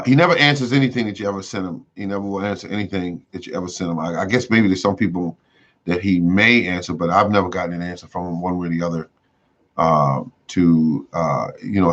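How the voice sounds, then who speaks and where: A lower-voiced man chats loosely through a home gardening livestream, circling back and repeating his points with lots of fillers. The audio is dull and lo-fi. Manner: rambling, repeats himself, many fillers. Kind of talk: casual livestream chat. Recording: dull lo-fi sound.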